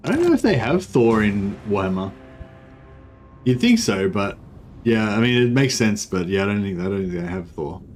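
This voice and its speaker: A man with a fairly low voice streams a strategy game at a moderate pace, his casual commentary wandering and self-interrupting, sprinkled with occasional swearing. Faint music and steady noise play behind him in poor audio.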